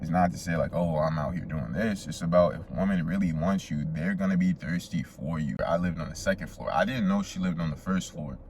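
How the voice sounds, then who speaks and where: A man's voice: low-pitched, a little fast, hardly any pauses, darkish tone, slight background noise. A young man casually telling a profane, slangy story straight to his viewers as a vlogger.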